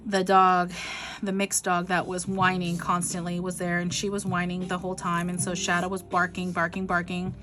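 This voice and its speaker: A woman's voice: fairly low pitch, fairly bright tone. A middle-aged woman telling a rambling, frustrated story in a casual vlog, full of likes and ums. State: frustrated, near tears. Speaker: vlogger.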